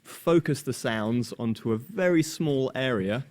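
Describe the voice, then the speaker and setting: A man's voice: mid-range voice, lively intonation, a little slow, a little mellow. A man, a guest engineer, explaining step by step in a methodical way. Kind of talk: explaining to an audience.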